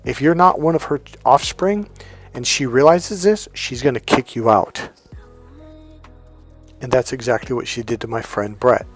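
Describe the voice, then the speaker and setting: A middle-aged man talks at an ordinary mid pitch, blunt and emphatic, spiking his dating advice with curses and quick anecdotes. Soft music sits faintly behind him. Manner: profane, emphatic, storytelling. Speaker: dating coach.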